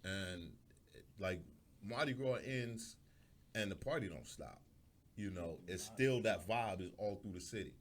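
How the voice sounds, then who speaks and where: A man's voice: low-pitched, expressive, measured pace. A man hosting a radio talk show, telling stories in a laid-back way and often repeating words. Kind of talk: casual chat.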